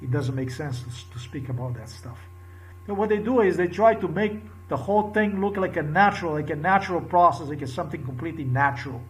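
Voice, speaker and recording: A man speaks in a fairly high voice, ranting to camera in a heated monologue. He circles back over the same phrases again and again, and his anger breaks out into crude bursts. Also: lively intonation, fast talker. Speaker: vlogger.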